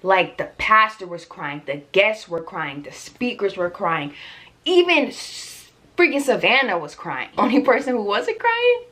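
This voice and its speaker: A young woman spinning a storytime tale for her viewers in an animated, chatty way. Her voice sits at an ordinary middle pitch for a woman. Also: unhurried. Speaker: vlogger. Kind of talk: storytime vlog.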